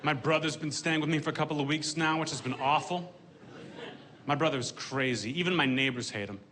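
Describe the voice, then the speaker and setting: A man performing a stand-up comedy set onstage, with a deadpan delivery. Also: on the high side, a little fast, noisy background. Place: stage before a live audience.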